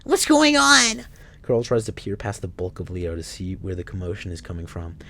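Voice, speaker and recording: A male streamer reading a story game aloud, swearing freely and breaking off into excited reactions. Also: sits low, a little fast.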